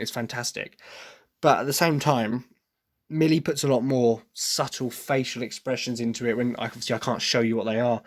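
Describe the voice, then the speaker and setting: An English man talks through his views in a loose, casual monologue at a desk. His voice sits at an ordinary middle pitch for a man. He is opinionated yet apologetic, restarting sentences as he thinks aloud. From Britain. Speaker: podcast host. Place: at a desk with written notes.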